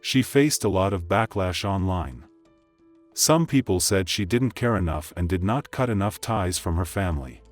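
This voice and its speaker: A man reading scripted narration in a flat, matter-of-fact voice-over. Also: low voice, moderate pace, soft background music.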